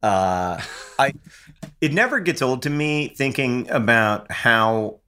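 Man, podcast co-host, dry teasing banter, bright forceful tone, mid pitch. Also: very animated, slow pace, a little hiss or hum. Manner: wry and teasing, laughs often. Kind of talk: casual chat.

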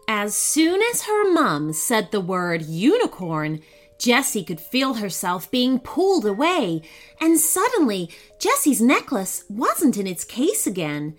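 Expressive woman storyteller. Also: fairly high pitch, slow pace, soft background music. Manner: gentle, expressive read-aloud. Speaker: storyteller and podcast host. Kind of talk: scripted children's story narration.

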